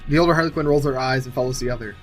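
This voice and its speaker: A man's voice: medium pitch, racing, soft background music. A man casually narrating an imagined film sequel, thinking aloud with many fillers and restarts. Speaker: movie sequel writer.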